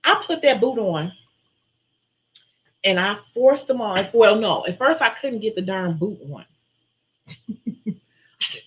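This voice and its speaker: Brief: woman nail-tech host, chatty live-stream storyteller, mid-pitched voice. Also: a little slow, pauses often, rough recording. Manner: chatty, animated storyteller who acts out her own quotes.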